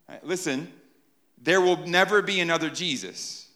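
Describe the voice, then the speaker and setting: A man preaching an animated sermon to a live congregation, often checking in with "right?". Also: on the high side, moderate pace. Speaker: pastor.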